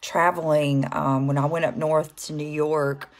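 Low-voiced Southern woman chatting on a livestream. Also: level tone, a little slow. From American South. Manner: chatty, greets viewers, rambling with fillers. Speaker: makeup livestreamer. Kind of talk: casual livestream chat while doing makeup.

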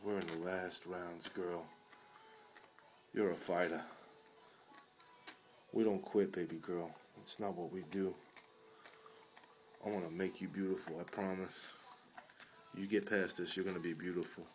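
A man with a fairly low voice speaks to his ailing dog at home. His talk is tender and coaxing, full of pet baby talk, and often sinks to a soft murmur. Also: steady tone, unhurried, pauses often. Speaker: dog owner filming his sick pet. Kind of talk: casual home video talking to a dog. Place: at home indoors.

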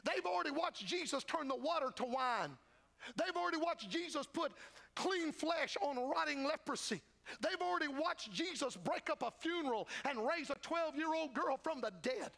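A man's voice: extremely high pitch, animated, moderate pace, vocal fry, a bit bright. An older man preaching a revival sermon as a traveling evangelist, folksy and fervent, acting out the disciples' voices. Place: church sanctuary.

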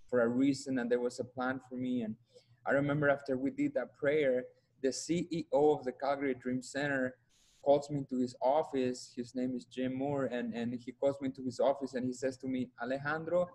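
A man's voice: medium pitch, a little mellow, low-quality recording. A young man from Mexico, earnestly giving a personal testimony at a church and repeating words when moved. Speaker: testimony speaker.

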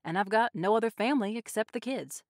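Woman doing a quiet, resigned village husband. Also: on the high side, fast talker, no echo, clean studio sound, pitched above the performer's own voice, close to an everyday voice.

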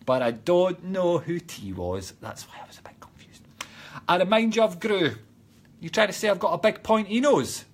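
This Scottish host runs a relaxed live stream as a psychic medium, joking with his audience and reading out what they type. He sits high in pitch and sounds animated at a moderate pace, recorded close-up on a webcam near a Christmas tree at home.

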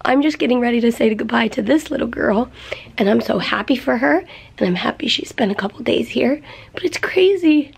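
Woman vlogger at home, soft-spoken and teary, higher voice with gravelly fry. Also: a little fast. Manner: emotional and soft-spoken, near tears. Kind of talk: casual home vlog. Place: at home indoors.

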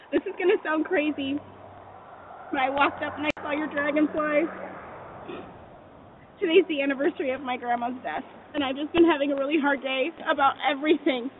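A high-voiced young woman speaks at a front porch, tearful and overflowing with thanks. The sound is thin and phone-like, with clear outdoor noise behind her. She talks in a choked-up way. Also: steady tone, brisk. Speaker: delivery driver. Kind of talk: doorstep video.

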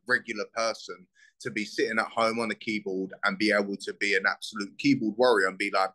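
A man's voice: fairly low pitch, fairly even intonation, a little fast, sharp tone, poor audio. A young man from South East London with a South London accent, a bare-knuckle fighter talking bluntly and swearing freely in a casual interview.

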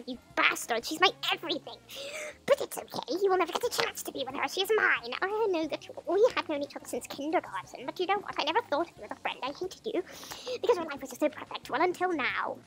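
A woman's voice: sits high, expressive, fast, a bit bright, slight background noise, voice pushed up. A woman voicing a bitter, jealous young man who is scheming against his rival and reading out his diary resentfully.

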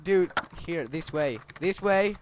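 Chico joven asustadizo y chillón. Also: male voice, on the high side, lively intonation, takes it slowly, slight background noise. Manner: jumpy, shrieks and laughs when scared. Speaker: game player. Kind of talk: casual gaming chat.

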